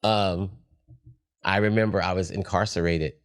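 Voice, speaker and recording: A man's voice: low-pitched, steady tone, moderate pace, clean tone. A middle-aged man, a podcast guest, talking candidly in a reflective, heartfelt way. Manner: reflective, heartfelt, soft-spoken at times.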